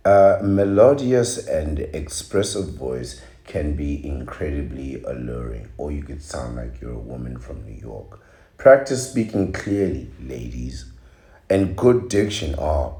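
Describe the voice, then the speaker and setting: A man's voice: a bass voice, mellow, reverberant. A man hosting a podcast, giving an opinionated, mocking monologue with repeated exclamations. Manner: ranting, mocking, repetitive exclamations. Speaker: podcast host.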